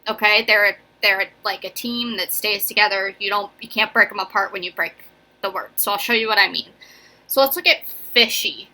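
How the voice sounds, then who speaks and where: Young woman teacher, bright clear voice, chatty, keeps asking right? okay?. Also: mid-range voice, moderate pace. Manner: chatty and encouraging, often checking in with "right?" and "okay?". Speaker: elementary school teacher. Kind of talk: casual classroom video lesson.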